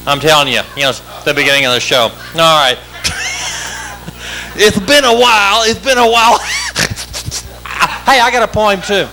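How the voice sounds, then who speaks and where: A man doing a stand-up comedy routine on a club stage, wired and chanting words in rapid-fire repetition. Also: high-pitched, rough recording. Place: club stage with live audience.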